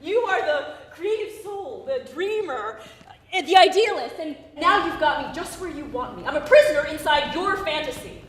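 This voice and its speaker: An actress on a theater stage playing a grieving, sharp-tongued woman who swears and turns sarcastic. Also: sits high, animated, normal speed, slight background noise. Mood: defiant. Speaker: stage actor. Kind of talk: live stage drama. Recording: roomy stage sound from a distant mic.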